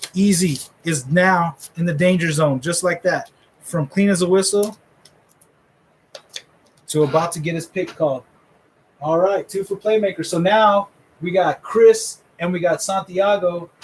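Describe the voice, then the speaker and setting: Brief: middle-aged male host, casual trash-talking commentary, a touch high. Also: slight background noise, poor audio. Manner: joking, rambling trash talk. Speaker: host revealing a fantasy draft order.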